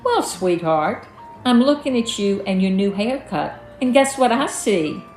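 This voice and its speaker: Woman playing a tender deep-voiced dad, coaxing, soft, roomy sound. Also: lively intonation, a little slow, faint music behind. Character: gentle deep-voiced father, a judge.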